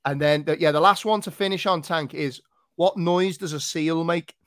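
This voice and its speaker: A man's voice: fairly high pitch, moderate pace, a bit bright, dry recording, studio quality. A man hosting a casual podcast, joking, swearing and laughing often as he runs a quiz. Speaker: podcast host. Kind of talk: casual chat.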